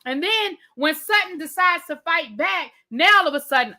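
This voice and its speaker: Woman TV reviewer, high bright voice, profane and repetitive live rant, calls viewers y'all and baby. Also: animated, moderate pace, hardly any pauses. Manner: heated, profane, repetitive ranting. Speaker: TV show reviewer.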